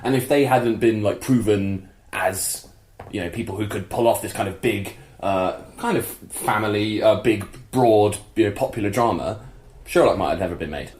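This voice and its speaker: A man co-hosting a podcast, chatting casually, laughing often and throwing in quick asides. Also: on the low side, darkish tone, echoey room. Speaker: podcast co-host. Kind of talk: casual chat.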